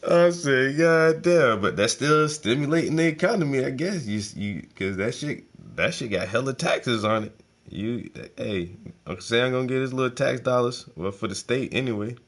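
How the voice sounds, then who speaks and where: A painting vlogger with a medium-pitched voice chats casually at a moderate pace while he paints. His talk is rambling and relaxed, full of profane stories.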